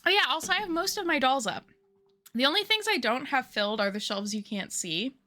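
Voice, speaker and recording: A woman's voice: high-pitched, animated, fairly quick, pushed and bright, no echo. A young adult woman streamer in casual chat with her viewers, rambling, giggly and answering chat as she goes.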